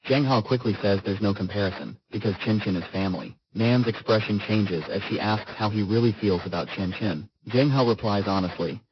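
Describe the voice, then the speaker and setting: Low-voiced man narrating a comic recap. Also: fairly quick, few pauses, dull audio, slight background noise. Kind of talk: scripted story recap narration.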